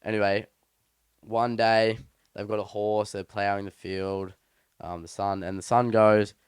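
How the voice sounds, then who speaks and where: His lowish voice barely moves in pitch, and his pace is measured, clear and resonant. The young man co-hosts a podcast in a clean studio with no room sound, rambling through a slangy story and restarting repeatedly in casual conversation.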